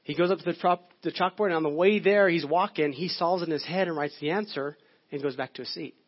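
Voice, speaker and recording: A man's voice: a little high, fast talker. A male pastor giving a sermon in a conversational, storytelling way. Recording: dull lo-fi audio.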